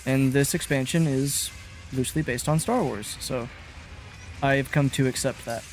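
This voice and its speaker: A man's voice: medium pitch, measured pace, soft background music. A man streaming a game, chatting casually in a rambling, self-mocking way and swearing freely. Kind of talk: casual gaming commentary.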